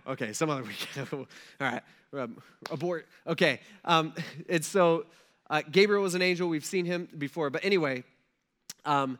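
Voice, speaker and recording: A man's voice: a little high, fairly bright tone. A man preaching a sermon in a conversational way, often checking in with his listeners. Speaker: pastor.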